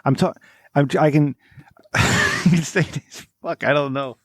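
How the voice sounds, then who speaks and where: A middle-aged man hosting a crude, casual podcast, telling rambling stories with lots of swearing and excited outbursts. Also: a little high, moderate pace, no echo. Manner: profane, excitable storyteller. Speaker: podcast host.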